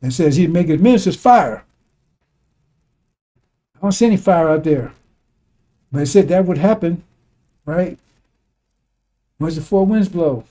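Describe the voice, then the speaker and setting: A man's voice: on the high side, animated, a little slow, long pauses, warm tone. A man giving an informal preaching monologue, talking conversationally and drilling his points with repeated asides like "see?" and "right?". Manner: repetitive, emphatic drilling of points. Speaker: religious commentator.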